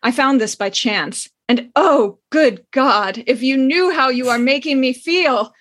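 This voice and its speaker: A woman's voice: sits high, unhurried, fairly bright tone. A woman reading aloud as a flustered, lovestruck young man who pleads in a choked voice. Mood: pleading. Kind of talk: dramatic reading of a novel.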